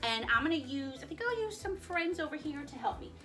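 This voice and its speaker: Bright, high-voiced woman teaching children. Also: sing-song, a little fast. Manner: playful and chatty, jokes and laughs, mixes in Spanish words. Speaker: Spanish teacher for young children. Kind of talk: friendly online lesson for children.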